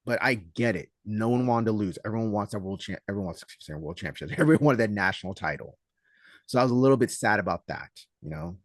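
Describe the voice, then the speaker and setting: A man co-hosting a casual podcast as a judo coach, telling stories in an animated way and acting out what others said. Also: on the low side, quick pace, no room sound, clean studio sound. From Southern California. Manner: animated storyteller, acts out quotes loudly.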